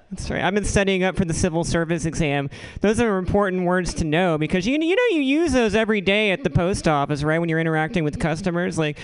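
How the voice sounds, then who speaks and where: A woman's voice: lowish voice, low-quality recording. A woman comic opening her stand-up set with wry banter toward the host.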